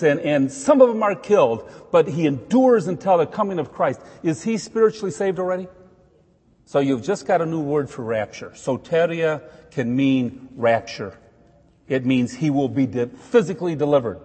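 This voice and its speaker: A man teaching scripture in a loose, chatty way, breaking into jokey asides and hitting key words with rising emphasis. His voice sits a little high and sounds slightly husky. A long reverb trails behind him, as in a large hall. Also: darkish tone. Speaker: Bible teacher. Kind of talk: informal Bible teaching.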